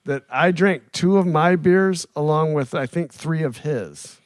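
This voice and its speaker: A man co-hosting a podcast, telling stories with animated energy and frequent laughs. He is recorded close to the mic in a dry studio with no room echo. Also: on the high side, measured pace. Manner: animated storyteller who laughs often and acts out quoted voices. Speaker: podcast co-host. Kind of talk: casual chat. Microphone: studio microphone, close.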